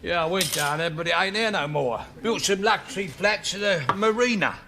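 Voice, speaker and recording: An actor playing a homeless older uncle, an ex-sailor, slow and weary. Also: male voice, sits high, expressive, bright, forceful tone, heavily acted. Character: old male ex-sailor uncle, homeless, stoic. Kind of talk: TV sitcom acting.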